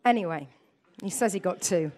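A middle-aged woman from the north of England preaching a lively sermon, asking her congregation questions and adding chatty asides. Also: lowish voice, moderate pace. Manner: animated, asks the audience questions, chatty asides.

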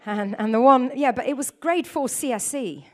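A middle-aged woman from the north of England delivers a lively sermon, her voice sitting high and bright. She talks straight to the congregation, throws out questions and drifts into chatty personal asides. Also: moderate pace. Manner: animated, asks the audience questions, chatty asides. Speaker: preacher.

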